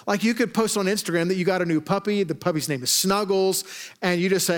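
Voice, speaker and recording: Male pastor, slightly high voice, chatty preaching with wry humor. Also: fast talker. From Arkansas. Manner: conversational, joking preacher with lively asides. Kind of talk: sermon.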